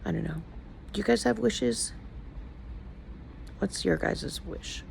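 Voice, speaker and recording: A woman's voice: mid-range voice, slow, creaky, a little mellow, slight background noise, rough recording. An older woman talking casually in a personal vlog, emotional and rambling as she confides in her viewers. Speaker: vlogger.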